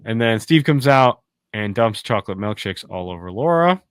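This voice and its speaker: A man's voice: fairly low pitch, lively intonation, normal speed, smooth, dry recording. A man hosting a podcast, casually recapping an episode in a laid-back storytelling way, with swearing. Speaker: podcast host.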